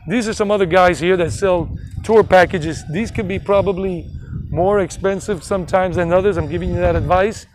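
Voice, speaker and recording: A man's voice: high voice, slight background noise, poor audio. A man in his forties with a mixed Southern and New York American accent, chatting casually and rambling on a live travel stream from outdoors near a beach. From United States. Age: 40s. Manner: chatty, rambling, self-promoting. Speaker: travel vlogger.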